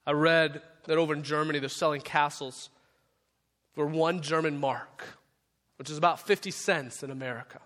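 High, bright-voiced preaching man in a hall. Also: steady tone, normal speed. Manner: impassioned preaching that swings from loud to soft. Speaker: pastor. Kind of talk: sermon. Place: church sanctuary.

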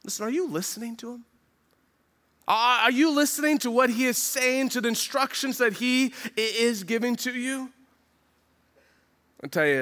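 High, bright-voiced man preaching a sermon. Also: clear, resonant tone. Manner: earnest preaching with rhetorical questions and quoted voices; swings from loud urgent passages to low quiet emphasis. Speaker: pastor.

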